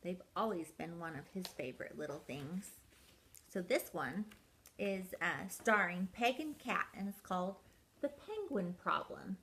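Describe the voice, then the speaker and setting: An older woman, a grandmother, reading a picture book aloud in a gentle, unhurried way. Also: fairly low pitch, animated, a little hiss or hum. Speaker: storyteller grandmother. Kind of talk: storybook read-aloud.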